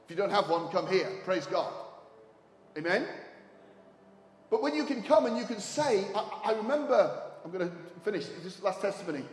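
Male preacher, high voice, echoey church hall, long reverb, faint room hum, hushed stories then rousing calls. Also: animated, moderate pace. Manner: swings from hushed storytelling to raised exhortation. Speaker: visiting preacher. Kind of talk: sermon. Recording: echoey hall, mic at a distance.

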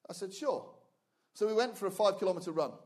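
This older preacher tells his testimony from the pulpit as a sermon. His voice sits high for a man and swings between quiet storytelling and loud, fervent shouting. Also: rapid-fire. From England.

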